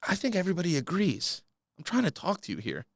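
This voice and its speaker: Animated ranting man on a podcast. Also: high voice, fast, vocal fry, no room sound. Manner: profane, ranting, mock-outraged comedic. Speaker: podcast host. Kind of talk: comedic solo podcast monologue.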